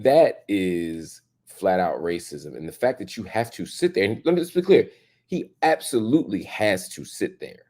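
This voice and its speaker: A man's voice: low-pitched, very animated, measured pace, darkish tone. A man hosting a reaction commentary, emphatic and repeating his points for stress. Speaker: show host and commentator. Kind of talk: reaction commentary on a played clip.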